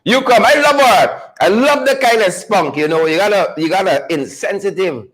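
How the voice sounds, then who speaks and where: Loud, sarcastic man hosting commentary. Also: high voice, lively intonation, moderate pace, poor audio. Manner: loud, sarcastic, laughing asides. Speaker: host. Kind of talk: mocking political commentary.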